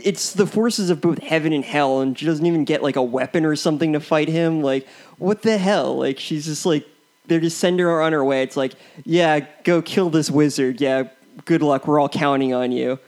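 A man's voice: a little high, darkish tone. A young man co-hosting a casual film review, rambling and hesitant, full of ums and restarts. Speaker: co-host of a movie review show.

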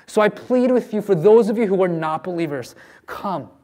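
A man's voice: high voice, lively intonation, moderate pace, warm tone. Earnest male preacher pleading. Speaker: pastor. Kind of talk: sermon.

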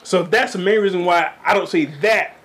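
A man's voice: sits high, fairly quick, a bit bright. A man co-hosting a podcast in casual chat, blunt, emphatic and opinionated. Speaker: podcast co-host.

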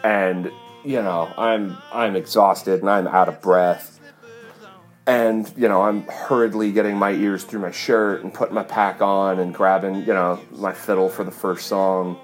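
Low-voiced man telling a tour story. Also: a little slow, soft background music. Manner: animated, breathless retelling with many fillers. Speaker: touring fiddle player. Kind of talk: casual storytelling.

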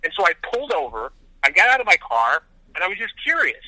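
A man from Las Vegas, a film director, telling his story as an interview guest in an animated way, often restarting his sentences. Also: sits high, fast, no room sound, low-quality recording. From Las Vegas, USA.

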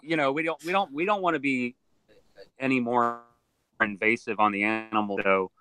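Over a video call with poor audio, a man who handles alligators and crocodiles tells stories in a casual interview. His voice is medium in pitch, clear and resonant, at a normal speed, and he animatedly acts out the voices of people he met.

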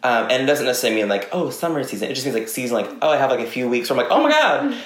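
Young man, podcast guest, animated and chatty, plenty of "like" and laughter, mid-pitched, recorded in an echoey room. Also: racing. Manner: animated storyteller, many fillers and laughs. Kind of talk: casual chat. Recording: roomy echo.

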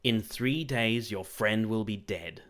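A man's voice: fairly low pitch, slow. A man playing a fierce, boastful creature king. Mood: raging. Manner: loud, shouting defiance.

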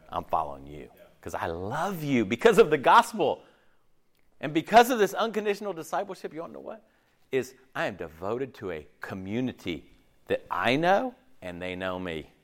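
A man preaching a sermon, animated, acting out quoted voices and often checking in with "okay?". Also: fairly high pitch, a little fast. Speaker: pastor. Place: church.

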